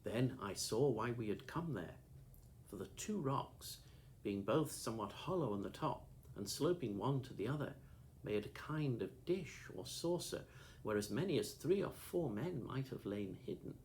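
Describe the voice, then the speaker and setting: A man reading a classic novel aloud as an audiobook, in a steady, measured first-person storytelling manner. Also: mid-range voice, a little hiss or hum. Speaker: audiobook narrator.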